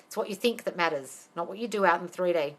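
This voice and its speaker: A woman's voice: fairly low pitch, quick pace, fairly bright tone. A woman answering questions on a live stream as a manifestation coach. She is blunt and swears freely, and she calls her listeners darling. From not American.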